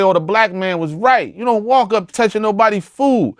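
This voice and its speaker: A man's voice: high-pitched, brisk, hardly any pauses, no echo, clean studio sound. A middle-aged man telling a long story as an interview guest, profane and emphatic, often restarting his sentences. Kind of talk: animated storytelling.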